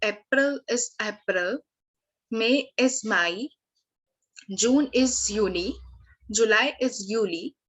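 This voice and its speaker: A woman tutor teaching at a slow, deliberate pace. She reads through word lists carefully, pausing on fillers and restarting her phrases. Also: a little high, fairly bright tone, slightly rough, rough recording. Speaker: language tutor. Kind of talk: online lesson, reading word lists.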